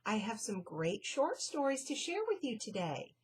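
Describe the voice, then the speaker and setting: A woman reading stories aloud to children in a slow, expressive storyteller manner. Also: a little high, husky.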